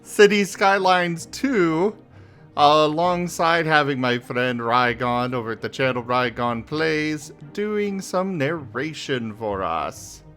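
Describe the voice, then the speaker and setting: Man, young, streamer host, high voice, slow casual chat, fillers, faint music behind. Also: fairly bright tone. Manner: chatty, laughing, trails off with fillers.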